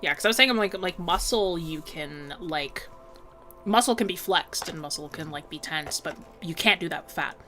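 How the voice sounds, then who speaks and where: Giggly woman streamer, bright tone. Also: deep voice, moderate pace, faint music behind. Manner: giggly, filler-heavy talk. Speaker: art streamer teaching drawing. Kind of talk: casual live-stream chat.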